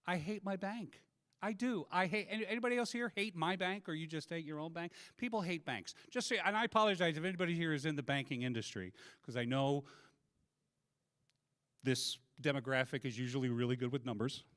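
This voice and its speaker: Brisk and on the high side, a middle-aged comic runs through a self-deprecating set on a live stage. He tells his stories animatedly into a handheld mic.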